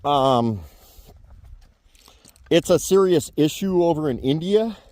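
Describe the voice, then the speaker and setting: Man, blunt ranting vlogger, mellow voice, swings up and down in pitch. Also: animated, slow pace, dry recording. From Canada. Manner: blunt, heated, swears freely. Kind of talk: political rant to camera.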